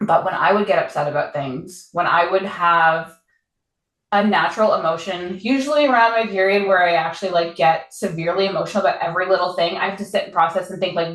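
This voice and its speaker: A woman's voice: lowish voice, fairly even intonation, brisk, a bit bright. A woman in her thirties, co-hosting a podcast, talking candidly in a rambling, casual way and laughing often. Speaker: podcast co-host. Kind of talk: casual chat. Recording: echoey room.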